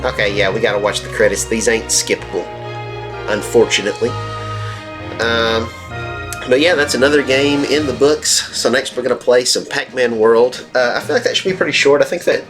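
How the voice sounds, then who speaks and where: A man's voice: mid-range voice, fairly even intonation, normal speed. A man hosting a let's play, rambling and cracking jokes in casual gameplay commentary, with plenty of fillers. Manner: rambling and jokey, with frequent fillers. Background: faint game music.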